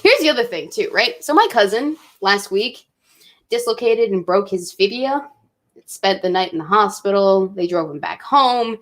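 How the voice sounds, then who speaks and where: A woman in her twenties, a college student vlogger, talking emotionally and swearing often while drinking. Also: mid-range voice. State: drinking, tipsy. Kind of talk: casual vlog chat.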